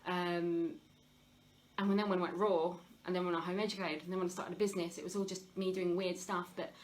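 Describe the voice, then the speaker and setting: A woman's voice: lowish voice, little pitch movement, a little fast, poor audio. A woman hosting a live health talk, talking openly and confessionally about her past, with many fillers and restarts. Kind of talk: live Q&A, personal sharing.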